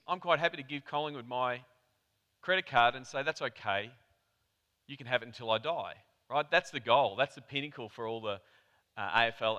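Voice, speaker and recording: An Australian man gives a keynote talk in a reverberant hall, his bright, crisp voice carrying a long tail of echo. He tells his story in a chatty way, tossing quick asides to the audience. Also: mid-range voice. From Melbourne, Australia. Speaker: conference presenter. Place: conference hall.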